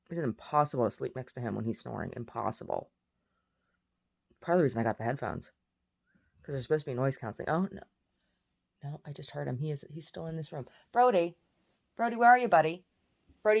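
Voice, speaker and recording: A woman's voice: a bass voice, fast, creaky, long pauses, slightly rough. A woman vlogging in a rambling, chatty way, jumping between topics. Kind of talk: casual chat.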